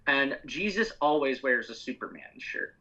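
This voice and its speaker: A man's voice: mid-range voice, expressive, normal speed, sharp tone. A man arguing his opinions about superhero movies in a casual podcast chat. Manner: opinionated, argues his points. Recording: muffled lo-fi sound.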